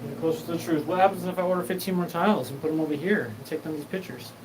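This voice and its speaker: A man's voice: fairly high pitch, rapid-fire, background noise. A man hosting his own show, talking in a profane, meandering solo monologue and acting out quoted dialogue. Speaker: show host.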